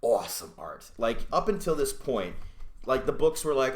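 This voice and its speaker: A man's voice: mid-range voice, big pitch swings, unhurried. A man casually reviewing a comic book at home, loose and rambling with plenty of swearing and restarts. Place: indoors at home. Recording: roomy echo.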